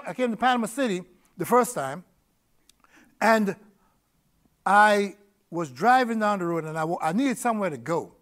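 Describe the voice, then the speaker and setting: Sharing his personal testimony from the pulpit, this middle-aged preacher speaks in a high, somewhat bright voice, punctuating the story with laughter, repeated words and abrupt surges of energy.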